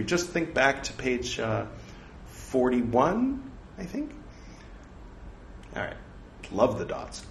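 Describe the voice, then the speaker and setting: A man reciting scripture slowly with deliberate, dramatic emphasis and playful asides. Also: on the low side, roomy sound, a little hiss or hum. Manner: playful, self-mocking digressions. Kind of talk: slow scriptural reading with wry asides.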